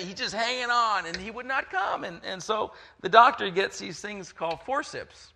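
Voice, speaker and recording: A middle-aged man preaching a sermon, telling a story with lively acted-out voices. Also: sits high, moderate pace. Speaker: pastor.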